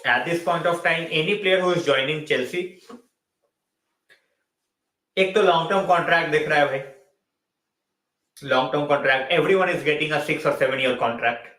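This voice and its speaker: Late at night, a football channel host on a live stream is tired and yawning, repeating phrases and switching into Hindi mid-sentence. He talks at a racing pace yet pauses often, his fairly high voice fairly bright. The rough recording is reverberant.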